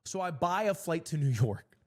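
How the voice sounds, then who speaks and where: A young man streamer telling a long, exasperated story in a casual, swearing, animated way. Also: a little high, moderate pace.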